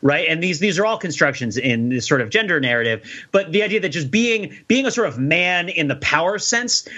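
Bright-voiced man riffing wryly. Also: on the high side, lively intonation, fairly quick, highs cut off. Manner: wry, rambling, laughs at his own jokes. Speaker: podcast co-host discussing a film. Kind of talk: casual chat.

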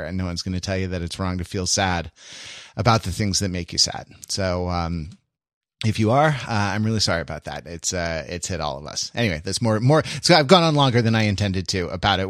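A man hosts a podcast in casual chat, rambling with many fillers and restarts. His voice sits on the low side and is a bit bright, captured as a dry, clean studio recording.

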